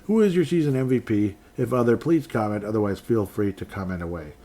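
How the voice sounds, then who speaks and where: A man's voice: on the low side, expressive, a little fast, warm tone. A man hosting a solo sports podcast, talking in a rambling, self-correcting way that turns emotional. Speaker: podcast host.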